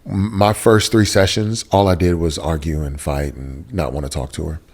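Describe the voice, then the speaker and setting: Man, deep voice, earnest interview guest sharing a raw personal story, casual and emotional. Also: steady tone, moderate pace, a little mellow. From Texas, USA. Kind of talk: candid personal testimony in a sit-down interview.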